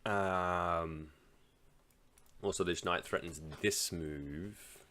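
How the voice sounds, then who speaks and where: A man with a deep voice narrates his own chess game in a loose, casual way, reasoning aloud through each move. His tone is bright and forceful, and he drops chatty asides to his viewers as he plays. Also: extremely slow. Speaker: chess streamer. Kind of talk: casual live game commentary.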